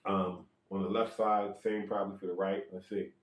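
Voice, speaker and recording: A man's voice: low voice, level tone, moderate pace, reverberant. A man giving a casual, rambling how-to on checking an electric skateboard, counting threads and bolts aloud, correcting himself and joking as he goes.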